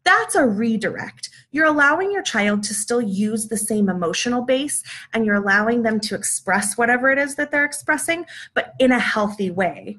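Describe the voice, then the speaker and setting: A woman's voice: fairly high pitch, lively intonation, normal speed, few pauses, pushed and bright. A woman giving a casual live-streamed parenting lesson from home, explaining ideas through everyday examples in a conversational way. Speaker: parenting educator. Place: at home with her young children nearby.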